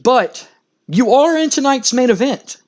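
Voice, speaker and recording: A man's voice: very high-pitched, animated, measured pace, a little mellow, voice pushed up. A man voicing a commanding female wrestling boss, with a firm, announcing manner.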